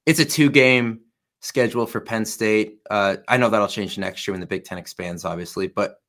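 Lowish-voiced dude on a sports podcast, laid back, lotta kinda and i guess. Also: male voice, moderate pace, fairly bright tone. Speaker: podcast co-host. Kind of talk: casual sports talk.

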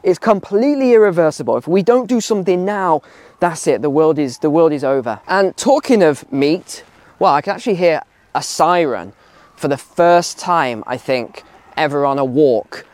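A man's voice: fairly high pitch, animated, moderate pace, a little mellow, dry recording. Emphatic man vlogging on a walk. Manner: emphatic, repeats phrases for stress. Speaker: video commentator. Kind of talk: casual opinion vlog while walking. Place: outdoors on a walk.

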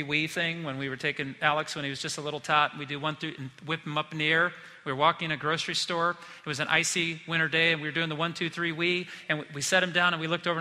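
Man preaching, very bright tense voice, long hall reverb, lively joking storyteller. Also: on the high side. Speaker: pastor. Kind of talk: sermon.

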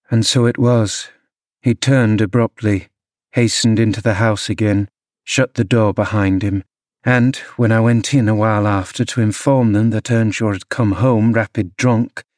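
A man narrating a classic novel as an audiobook, measured storytelling delivery. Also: lowish voice, a little mellow, dry recording, clean studio sound. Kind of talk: scripted narration.

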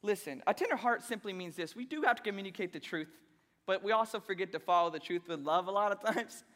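Young male pastor, high voice, playful self-deprecating preacher, reverberant hall. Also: animated, fast talker, fairly bright tone. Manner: playful, self-deprecating storytelling between points. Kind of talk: sermon.

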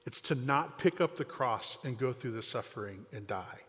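Male pastor, conversational sermon storytelling, mid-pitched voice, long reverb of a big church hall. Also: animated, moderate pace, fairly bright tone. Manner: conversational storytelling, acts out quoted lines.

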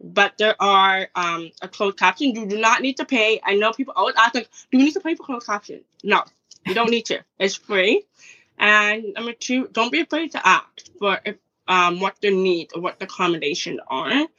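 Bright-voiced woman giving earnest advice. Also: mid-range voice, moderate pace. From Jamaican Caribbean family background. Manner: earnest, advising, animated retelling with laughs. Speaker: guest, author and podcaster. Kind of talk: conversational interview answers. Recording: dull lo-fi audio.

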